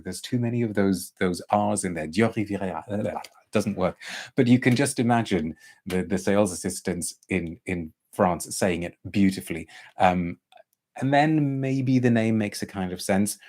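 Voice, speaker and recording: A man with a fairly low voice chats casually through a live stream. He reads out viewers' comments and trips over his words, restarting sentences as he thinks aloud. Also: darkish tone. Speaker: perfume reviewer hosting a live stream.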